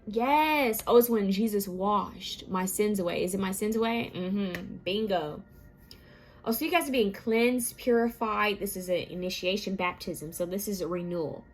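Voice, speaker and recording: A woman who has just woken up, giving a relaxed pick-a-card tarot reading and musing aloud to her viewers. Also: fairly high pitch. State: just woke up. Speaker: tarot reader.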